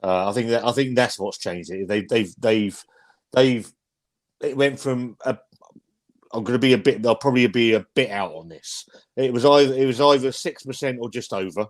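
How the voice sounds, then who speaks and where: A man hosting a relaxed livestream, talking bluntly and swearing freely. He rambles, restarting his sentences as he works through his points. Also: medium pitch, moderate pace. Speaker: host. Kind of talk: casual livestream beer chat.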